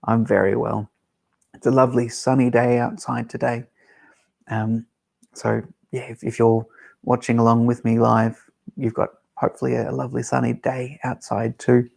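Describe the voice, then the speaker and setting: A man working as a children's librarian, gently reading picture books aloud on a live-streamed storytime. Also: medium pitch, flat delivery, gravelly. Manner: gentle, unhurried, talking to small children.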